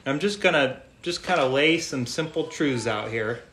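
A man preaching a sermon in a gentle, earnest way, repeating phrases for emphasis. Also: mid-range voice, lively intonation, normal speed. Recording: echoey room, faint noise.

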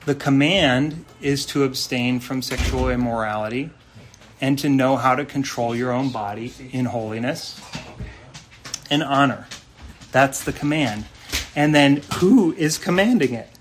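A man delivers an expository sermon at a slow, deliberate pace and in a mid-pitched voice. He talks earnestly and conversationally and often asks his listeners questions. Faint room ambience hums in the background. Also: a little hiss or hum. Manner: reads scripture slowly and deliberately. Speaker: pastor.

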